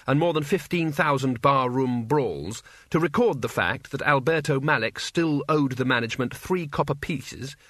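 A man reading a comic fantasy novel aloud as narrator, in a wry, measured storytelling manner. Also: medium pitch, fairly bright tone, no room sound, studio quality. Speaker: audiobook narrator. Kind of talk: scripted narration.

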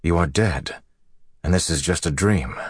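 A man's voice: sits low, expressive, a little slow, slightly rough, no echo, studio quality, full character voice. A man voicing a stubborn, defiant young male hero in a tense, insistent way.

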